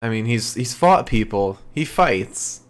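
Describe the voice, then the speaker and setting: A man co-hosting a podcast, calmly talking through wrestling storylines in casual chat. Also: mid-range voice, a little slow. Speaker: podcast co-host.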